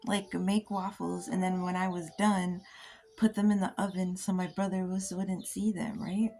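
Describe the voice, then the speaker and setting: A woman's voice: fairly low pitch, level tone, moderate pace, mellow. A woman host telling stories in a casual chat. She giggles often, swears freely and drops into whispers now and then. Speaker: poet and podcast host.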